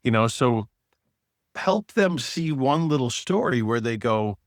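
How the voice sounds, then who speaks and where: A man talking as a podcast guest, telling a lively story and acting out the people in it. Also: medium pitch, a little slow, no room sound, clean studio sound. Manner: animated storyteller, acts out quoted voices. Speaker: podcast guest, author and speaker. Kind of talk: casual storytelling conversation.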